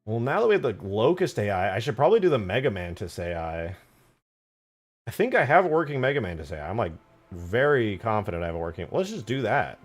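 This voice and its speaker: A young man chatting on a live stream from home, rambling and swearing freely as he works on a game mod and answers viewers. His voice sits on the low side, with faint music playing in the background. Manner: rambling, profane, reads chat aloud. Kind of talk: casual live-stream chat.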